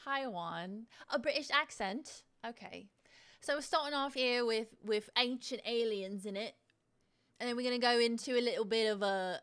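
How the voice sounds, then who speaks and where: Woman streamer, casual rambling chatter, slightly high voice, unhurried, swears a lot. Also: a bit bright, clean tone. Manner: rambling, swears freely, self-mocking. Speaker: Twitch streamer.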